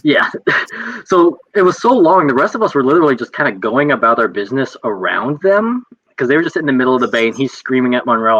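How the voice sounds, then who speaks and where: A man who is a military veteran, telling a story in casual chat and acting out the shouted lines he quotes. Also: medium pitch, fast talker, breathy edge, no echo. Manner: animated, acts out quoted shouts. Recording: dull lo-fi audio.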